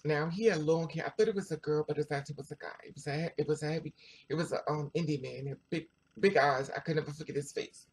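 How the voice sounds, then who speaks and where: A vlogger telling a personal story to viewers in a chatty, animated way, full of asides. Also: mid-range voice, fast talker, breathy edge. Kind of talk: casual storytelling to camera.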